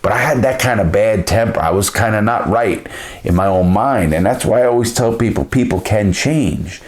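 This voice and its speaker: A man's voice: fairly low pitch, moderate pace. A man telling stories from his past in a blunt, profane way, often restarting his sentences. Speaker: storyteller. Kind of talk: casual storytelling.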